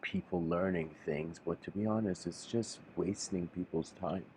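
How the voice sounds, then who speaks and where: Guy with a really low voice musing through a spiritual lecture, lots of restarts, faint hiss behind. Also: fairly even intonation, a little mellow, low-quality recording. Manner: halting, restarts often, musing.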